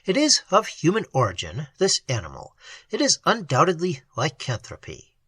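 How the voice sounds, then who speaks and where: A quiet, decisive man of science, as a narrator plays him, measured and sure in every phrase. The tone is bright with a breathy edge. It sits close and dry. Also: medium pitch, wildly swooping pitch, dry recording, heavily acted. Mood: grave. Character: calm, authoritative male doctor of the occult.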